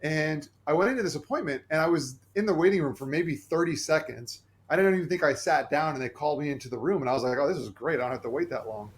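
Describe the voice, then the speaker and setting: A man's voice: a little high, fast talker, hardly any pauses, slight background noise. Earnest man telling a personal story. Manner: earnest and animated, acting out quoted voices. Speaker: podcast guest.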